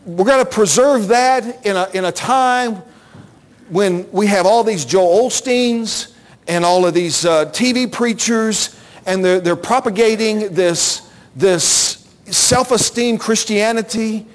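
A man preaching an impassioned sermon in a church, rising to shouts and chanting phrases over and over. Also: high-pitched, slow. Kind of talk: fiery altar-call sermon. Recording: music playing behind.

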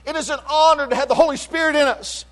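A man's voice: very high-pitched, steady tone, fast talker, a bit bright. An older man preaching a sermon, earnest and emphatic, stopping to restart phrases and asking the congregation to agree with him. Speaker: pastor.

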